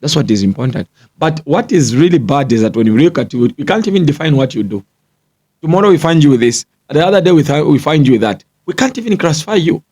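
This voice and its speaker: A man's voice: a little high, lively intonation, fast, darkish tone. A man giving a motivational business talk to the camera. He lectures, repeats his points and keeps checking in with the listener. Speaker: business coach.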